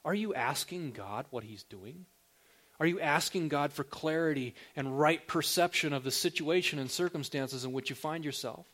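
A man preaching a sermon as a pastor, talking in a relaxed, conversational way and asking the listeners direct questions. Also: a little high, normal speed.

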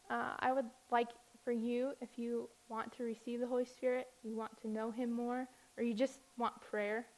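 A woman speaking to a church congregation, telling a story with animated warmth and occasional laughter. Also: on the high side, poor audio. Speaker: missionary speaker. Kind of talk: church talk.

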